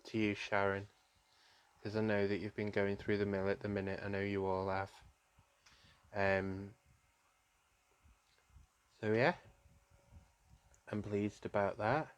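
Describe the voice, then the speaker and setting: A man, a psychic medium, gives a live-streamed tarot reading, speaking softly and affectionately to his viewers and calling them "my darling". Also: lowish voice, little pitch movement, takes it slowly, long pauses, clear, resonant tone, no room sound. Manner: gently emotional, soft-spoken.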